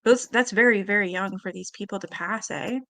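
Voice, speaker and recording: A woman hosting a live-stream panel, chatting casually and reading viewer comments aloud with quick asides. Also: medium pitch, creaky. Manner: chatty, animated, quick asides and little laughs.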